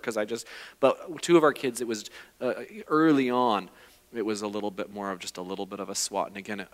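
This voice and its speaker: A man pastor speaks in an easygoing, conversational manner and hands questions to his co-teacher. His voice sits at an ordinary middle pitch. It carries the long reverb of a church sanctuary. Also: fairly quick, fairly bright tone.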